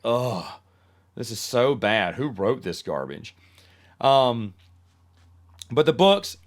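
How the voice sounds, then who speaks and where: A man's voice: medium pitch, fairly bright tone. A man hosting his own podcast, talking casually and telling a story with animation, often restarting his sentences. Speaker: podcast host. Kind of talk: casual solo podcast monologue.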